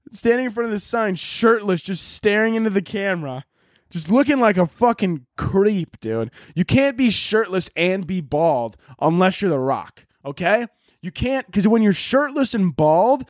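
A young man with a high voice hosts a podcast, rambling sarcastically through a comedic monologue and swearing often. The recording is dry and studio quality.

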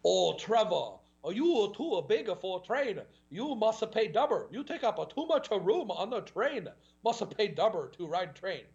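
A high, sing-song voice that clips its phrases into broken English and teases someone , as a man puts it on. The sound is dull and lo-fi, like a cheap podcast recording. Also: very animated, measured pace, creaky, hardly any pauses, a little mellow, heavily acted. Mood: teasing.

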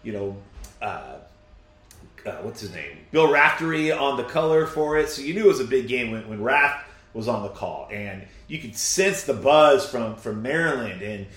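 A man co-hosting a casual sports podcast, riffing in a jokey, excitable way. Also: medium pitch, normal speed, echoey room.

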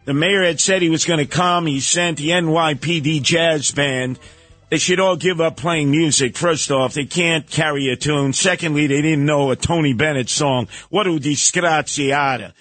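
A man's voice: fairly high pitch, normal speed, a bit bright, faint music behind. A man hosting a radio talk show, delivering an opinionated, sarcastic and combative monologue.

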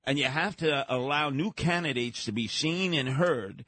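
A man's voice: on the high side, moderate pace, pushed and bright, no echo. A man co-hosting a political talk show, speaking bluntly in short, emphatic sentences with a mocking edge. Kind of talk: blunt political opinion chat.

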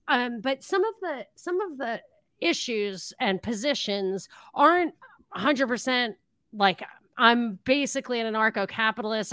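A woman's voice: mid-range voice, fairly bright tone, dry recording. A woman hosting an interview show, chatting casually with many restarts and fillers. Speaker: podcast host.

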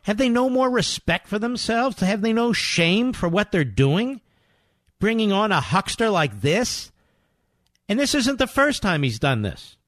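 Male talk radio host, combative and indignant, lively swooping delivery, dry close mic. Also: sits high, a little slow, dry recording. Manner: indignant, combative, rising to loud rhetorical questions.

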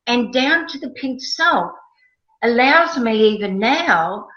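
A woman telling a personal story in a casual interview, animated and emotional, acting out her own past words. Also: on the high side, takes it slowly. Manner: animated, emotional, quotes herself with rising excitement. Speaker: guest. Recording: roomy, slightly dull sound.

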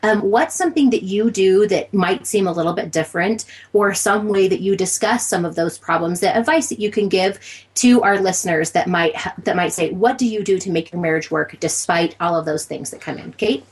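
A woman hosting a podcast, giving advice in a measured way and handing questions to her guests. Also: mid-range voice, slightly rough. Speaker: host.

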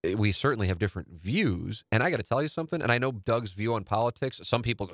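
A man talks through his podcast in a rambling, candid way, restarting sentences and swearing offhandedly. His voice sits on the low side. The sound is close and dry. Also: lively intonation, fast, dry recording. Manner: rambling, candid, self-interrupting, swears casually. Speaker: podcast host and radio host. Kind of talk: casual solo podcast monologue.

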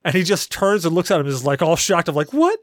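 A man with a somewhat high voice talks quickly, co-hosting a podcast in clean studio sound with no room echo. He chats casually, rambling through animated stories full of jokey banter.

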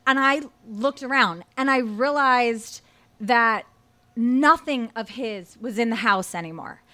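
A young adult woman telling a true personal story with wry, animated comic timing. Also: a little high, takes it slowly.

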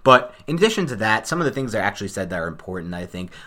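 A man co-hosting a podcast, talking through the draft in a fast, animated, casual way. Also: lowish voice. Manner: fast, animated, thinks aloud. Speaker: podcast co-host. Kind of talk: casual sports chat.

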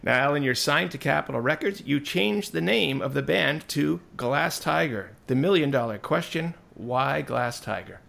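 A man's voice: a little high, animated, moderate pace, creaky, few pauses, fairly bright tone. A man hosting an interview, asking short questions and reacting eagerly to the answers. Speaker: interviewer, host.

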